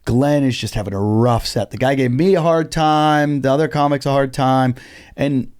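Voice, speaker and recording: A man who is a comedian, telling a story on a podcast in an animated way and swearing freely. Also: mid-range voice, moderate pace, clean tone, no echo, studio quality. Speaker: comedian guest. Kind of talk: casual podcast chat.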